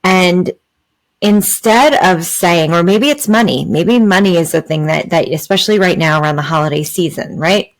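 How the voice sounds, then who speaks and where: A woman's voice: lowish voice, moderate pace, poor audio. A woman hosting a spiritual podcast, talking in an earnest, explanatory way with many fillers and "right?" asides. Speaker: podcast host. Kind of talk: spiritual talk, reflective and explanatory.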